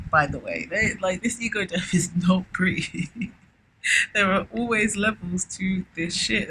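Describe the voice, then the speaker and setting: A woman giving a casual spiritual tarot reading, effusive and chatty, often exclaiming and filling pauses. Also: lowish voice. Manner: effusive, keeps exclaiming wow, chatty with many fillers. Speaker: tarot reader. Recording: loud background noise with clicks.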